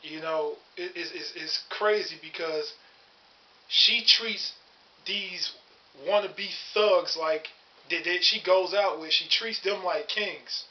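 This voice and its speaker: A man's voice: high-pitched, slow. A man in his thirties telling his story to camera in a blunt, profane, angry rant. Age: 30s. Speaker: vlogger. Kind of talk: angry personal monologue to camera. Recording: dull lo-fi audio.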